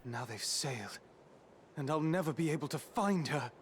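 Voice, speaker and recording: A man's voice: a little high, animated, moderate pace, background noise, lightly acted. An actor playing an earnest young swordsman in a video game, talking urgently. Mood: anxious.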